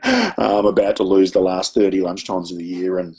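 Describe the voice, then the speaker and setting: A man's voice: sits low, very animated, moderate pace, a little mellow, muffled recording. A man with an Australian accent presenting a webinar, telling a chatty, self-deprecating classroom story with frequent ums. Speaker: education presenter.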